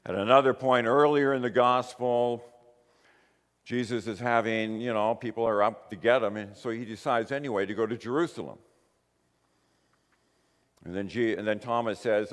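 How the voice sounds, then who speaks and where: A man preaching a sermon, telling the story in a lively way and acting out the quoted lines. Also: medium pitch, moderate pace. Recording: long hall reverb.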